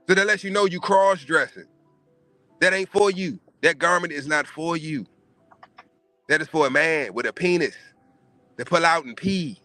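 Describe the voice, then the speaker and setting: A man's voice: fairly high pitch, moderate pace, long pauses, bright, forceful tone, dry recording, faint music behind. A man hosting a casual podcast, giving emphatic, profane opinions. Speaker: podcast host.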